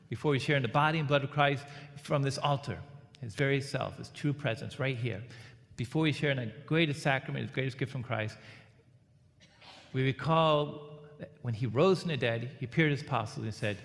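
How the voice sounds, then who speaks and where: A man's voice: mid-range voice, a bit bright. A man giving an Easter homily as a Catholic priest, preaching in a plain conversational way and leading the congregation in call and response. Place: large church. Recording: church hall reverb.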